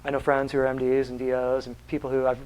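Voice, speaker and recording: A man teaching a natural health class, lecturing in an animated, preachy way and firing rhetorical questions at his students. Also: medium pitch, quick pace, clean tone, highs cut off.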